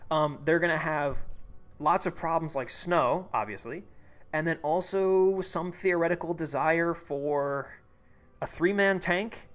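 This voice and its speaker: A man's voice: on the high side, a little slow, faint music behind. A young man streaming live, thinking aloud, reading chat and restarting sentences as he goes.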